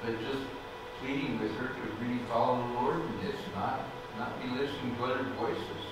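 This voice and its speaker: Man, church elder, halting speech, echoey sanctuary, audible background noise. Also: mid-range voice, steady tone. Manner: slow and halting, with uh and restarts. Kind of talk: recounting an event at church. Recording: echoey church hall, distant mic, noisy.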